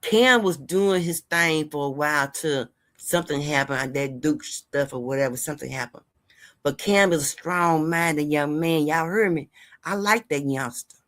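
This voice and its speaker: This deep-voiced woman, host of a gossip and news channel, speaks at normal speed with a fairly bright tone. She rambles casually in a vlog monologue aimed right at her viewers, sharing heartfelt life advice.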